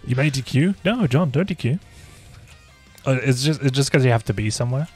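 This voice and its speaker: A man's voice: fairly quick, slightly rough. An English man, a young adult, commentating a live game in casual chat and laughing often. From England. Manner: chatty, laughs often, lively pitch. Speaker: esports commentator. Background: background music.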